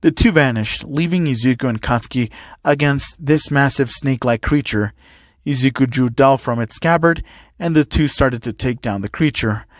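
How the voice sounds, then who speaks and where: A man's voice: mid-range voice, normal speed, dry recording. Man narrating a fan story, dry. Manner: plain reading of stage directions.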